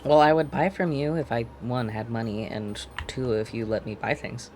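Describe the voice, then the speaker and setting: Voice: mid-range voice, fairly even intonation, normal speed, a little mellow. A streamer giving playful, casual commentary while playing a game and reading its dialogue aloud. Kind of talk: casual let's-play commentary.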